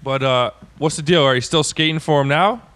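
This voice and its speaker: A man's voice: fairly high pitch, a little fast, fairly bright tone. A man co-hosting a podcast in laid-back slangy talk, also reading an ad. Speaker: podcast co-host. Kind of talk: casual chat and ad read.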